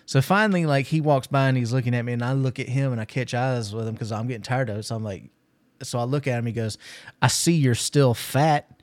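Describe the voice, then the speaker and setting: A man's voice: mid-range voice, quick pace, no echo. A man co-hosting a podcast, telling a story in casual chat and cursing freely. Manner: profane storyteller, loud and laughing at the climax. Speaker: podcast co-host.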